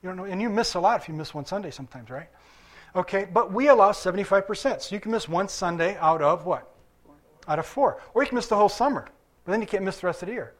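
A man's voice: high-pitched, animated, fast talker. A male pastor preaching a sermon in a conversational way, with casual asides. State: limping after surgery.

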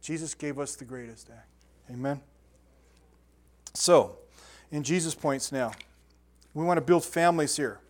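A man's voice: fairly high pitch, slow pace, long pauses. A man preaching to a congregation, talking casually with restarts and then reading scripture with rising emphasis. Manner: conversational, repeats words and restarts, builds to emphatic scripture reading. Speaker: pastor. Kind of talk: sermon.

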